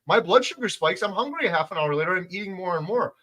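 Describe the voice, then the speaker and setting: A man's voice: sits high, animated, fast talker. A middle-aged man hosting a casual livestream, reading out viewer comments and making his points with emphasis. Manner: emphatic, gets loud when making a point. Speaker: livestream host.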